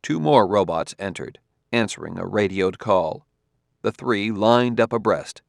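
A man reading a story aloud in a measured narrating style. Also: lowish voice, animated, vocal fry, no room sound. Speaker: audiobook narrator. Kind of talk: scripted narration.

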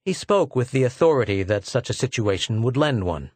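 A man reading an audiobook as its narrator, in a measured, steady way. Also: mid-range voice, no echo. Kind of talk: scripted narration.

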